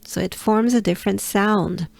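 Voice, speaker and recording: A French woman with a French accent teaching pronunciation, repeating sounds to demonstrate and sometimes dropping into a breathy near-whisper to explain. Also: mid-range voice, normal speed, a little mellow, dry recording. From France. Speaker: pronunciation coach. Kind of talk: pronunciation lesson.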